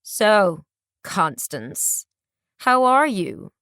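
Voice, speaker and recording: Woman playing a sarcastic young man, low, drawling, mocking, dry close sound. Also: fairly even intonation, moderate pace, a bit bright, clean tone, no room sound, lightly acted. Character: sly, sarcastic young gentleman.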